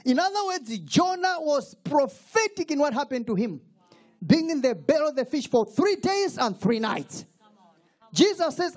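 A man's voice: very high-pitched, normal speed. A man preaching a sermon, calling for responses from the congregation. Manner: animated call-and-response preaching with laughs. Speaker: pastor.

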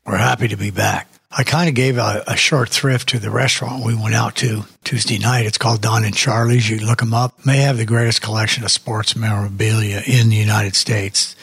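A man's voice: fairly low pitch, fairly even intonation, fairly quick, gravelly, few pauses, fairly bright tone, slightly rough, no room sound, studio quality. An older man hosting a music show, chatting casually and rambling off on tangents between songs. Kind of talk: casual radio show chat.

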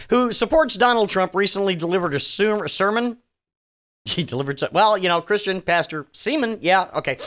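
Sarcastic man with a lively voice. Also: sits high. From Virginia. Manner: sarcastic, profane, stammering restarts. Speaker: podcast host. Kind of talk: solo news commentary podcast.

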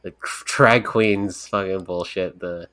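A man's voice: low voice, fairly even intonation, takes it slowly, pushed and bright, clean tone. A man co-hosting a casual podcast, talking in a rambling, candid way with casual swearing. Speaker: podcast co-creator and host.

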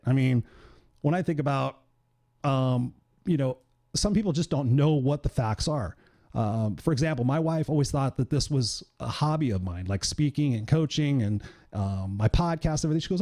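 A man's voice: medium pitch, fast, mellow. A middle-aged man, a podcast host and coach, giving a blunt, profane motivational monologue in a direct, tell-it-like-it-is way.

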